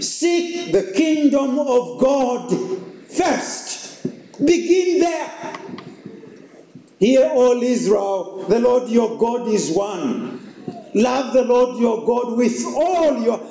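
A man's voice: very high-pitched, dark tone, roomy sound, poor audio. A man preaching a sermon, emphatic and repetitive, with rhetorical questions.

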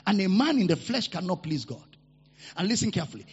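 A man preaching a sermon to a congregation. He repeats his key lines and leads the people in loud declarations. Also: high voice, sing-song, fast talker, slightly rough. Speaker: pastor. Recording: reverberant hall, dull lo-fi sound.

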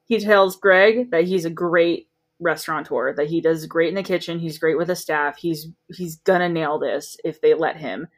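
A woman's voice: low voice, normal speed. A woman co-hosting a casual podcast, recapping a show in a breezy, sarcastic way with swearing. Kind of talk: casual chat.

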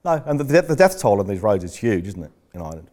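An older man with a lowish voice tells loose, rambling stories in a podcast chat. He jokes around, swears freely and keeps drifting off the point before he gets back to business. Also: big pitch swings, quick pace, a little mellow. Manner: rambling, profane, jokey storyteller. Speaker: podcast host. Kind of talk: casual chat.

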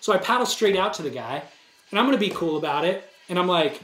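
A man's voice: high voice, quick pace. A man co-hosting a podcast, telling a story casually and acting out the quotes with energy. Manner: animated storyteller, acts out quotes. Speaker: podcast co-host. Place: surf museum. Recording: roomy echo.

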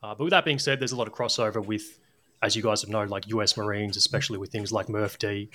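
Guest: Australian man, lowish bright voice, measured and hedging. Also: fairly even intonation. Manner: measured, hedging, says "mate". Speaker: guest, former army sniper. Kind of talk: casual podcast interview.

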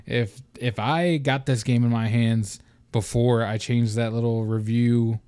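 A young man hosting his own podcast in a loose, animated rant, swearing freely and doing quick mock voices. His pitch sits in the middle range. The sound is dry and close to the mic. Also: smooth, no room sound. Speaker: podcast host. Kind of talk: casual solo podcast rant.

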